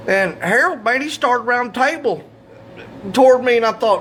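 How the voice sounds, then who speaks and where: High-voiced folksy storyteller. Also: male voice, bright, forceful tone, slight background noise. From Southeast Missouri. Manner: folksy, salty, drawn-out punchlines. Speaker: comedic storyteller. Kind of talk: comic storytelling monologue.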